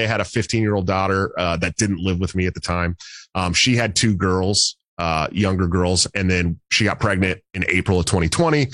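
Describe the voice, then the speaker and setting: A man in his thirties hosting a casual podcast, animated and swearing freely with many restarts. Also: on the low side, no room sound. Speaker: podcast host. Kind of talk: casual chat.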